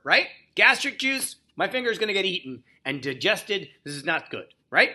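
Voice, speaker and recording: A man's voice: high voice, big pitch swings, moderate pace, pushed and bright, breathy edge. A man teaching biology in a recorded lecture screencast, explaining slides with jokey asides and frequent "okay?" and "right?" checks.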